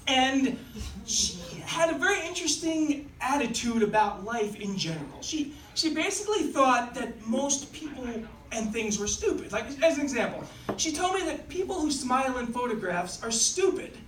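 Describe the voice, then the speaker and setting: A man's voice: extremely high pitch, big pitch swings, normal speed, a bit bright, recorded from a distance, a little hiss or hum. A man doing stand-up comedy at an open mic in a small comedy club, with chatty, self-deprecating storytelling. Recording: roomy club, mic heard from afar. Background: small audience laughing.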